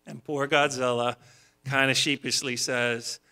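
Guy pastor preaching, bright voice, folksy storyteller, restarts words a lot. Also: medium pitch, fairly even intonation, moderate pace. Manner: homely, storytelling, repeats words when starting a phrase. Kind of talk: sermon.

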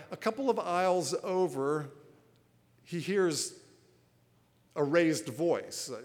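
A man preaching a sermon, explaining proverbs through a story, told deliberately with acted quotes. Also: on the high side, in a large hall. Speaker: pastor.

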